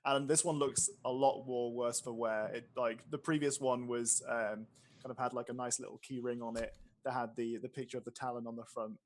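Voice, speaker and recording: A man narrating as game master for a tabletop game. He describes places and people at an unhurried pace, often hesitating and restarting. His voice sits at a middle pitch. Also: steady tone, a little hiss or hum. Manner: descriptive, with frequent fillers and restarts.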